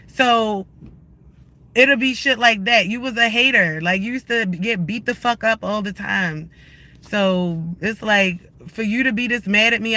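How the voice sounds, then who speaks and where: Very high, sharp-voiced man, heated livestream rant, confrontational and profane. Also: unhurried. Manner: confrontational, profane, repetitive questioning.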